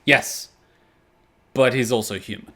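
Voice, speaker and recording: A young man hosting an anime reaction video, chatting casually with plenty of swearing and sudden loud outbursts. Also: mid-range voice, unhurried. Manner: profane, animated, breaks into loud outbursts.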